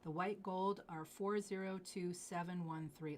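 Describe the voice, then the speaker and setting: Woman, live sales host, enthusiastic, gushing, hushed asides. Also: lowish voice, steady tone, measured pace, a little hiss or hum. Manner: gushing, breathy asides, drops to hushed whispers over pieces. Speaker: jewelry live-stream host.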